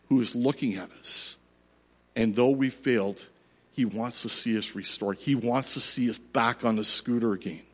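A man in his forties telling a story in a sermon, earnest and dropping to a quiet emotional emphasis. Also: medium pitch. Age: 40s. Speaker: pastor.

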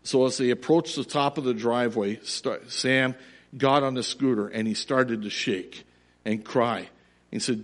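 A man in his forties telling a story in a sermon, earnest and dropping to a quiet emotional emphasis. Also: medium pitch, unhurried. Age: 40s. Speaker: pastor.

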